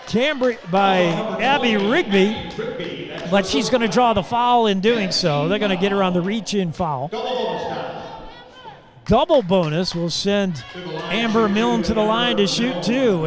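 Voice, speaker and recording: A man calling a high school girls basketball game live on local radio, with quick, excitable calls that jump into shouts on big plays and folksy asides to listeners. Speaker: play-by-play announcer.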